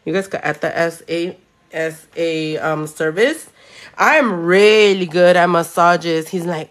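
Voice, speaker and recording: Chatty nail artist telling a story. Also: female voice, lowish voice, unhurried. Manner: animated, swearing, mixing in Spanish. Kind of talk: casual storytelling while doing nails. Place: home room.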